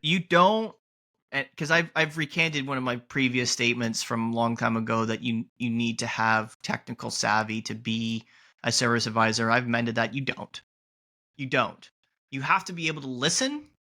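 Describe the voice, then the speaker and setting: A man's voice: mid-range voice, normal speed, bright, forceful tone. A man hosting a podcast interview, talking in an emphatic way and repeating key points for stress. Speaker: podcast host. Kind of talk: conversational interview.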